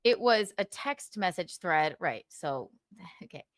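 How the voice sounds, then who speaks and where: A woman's voice: fairly low pitch, very animated, slow pace, no echo, clean studio sound. A woman in heated casual podcast chat, retelling a story in a profane, defensive and rambling way.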